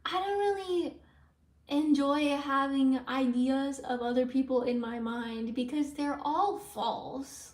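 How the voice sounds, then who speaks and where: Woman live streamer, high voice, rambling chat answering comments, recorded from a distance in an echoey room. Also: slow pace, a little mellow. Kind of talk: casual livestream chat with viewers. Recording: roomy sound from away from the mic.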